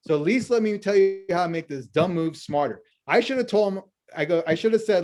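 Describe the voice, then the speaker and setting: Brief: male financial planner guest, fairly high voice, spins stories and acts out both sides of the dialogue. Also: fairly quick. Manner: lively anecdotes full of quoted dialogue. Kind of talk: storytelling in a conversational interview.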